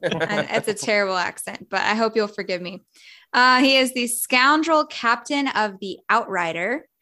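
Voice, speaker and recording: A woman's voice: mid-range voice, animated, moderate pace, sharp tone. A woman co-hosting a casual podcast chat, a little giggly. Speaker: podcast co-host.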